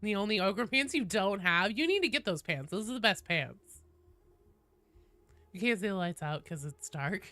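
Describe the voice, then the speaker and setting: A woman's voice: mid-range voice, animated, moderate pace, long pauses, bright, forceful tone. A woman streaming a game while sick with a cold, chatting casually with her viewers and jumping between game and chat.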